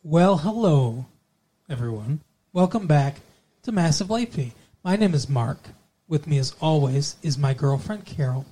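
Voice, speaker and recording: A man's voice: a little high, expressive, unhurried, warm tone, a little hiss or hum. A man hosting a podcast, chatting casually and playfully with his co-host and joking around. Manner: jokey, playful, repeats intros in a mock radio-DJ voice.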